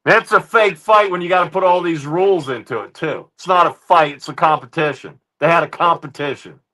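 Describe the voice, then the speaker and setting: A man hosting a livestream, ranting heatedly at his chat with constant swearing and repeated "ladies and gentlemen.". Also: a little high, brisk. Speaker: livestream host reacting to chat. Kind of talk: profane livestream rant.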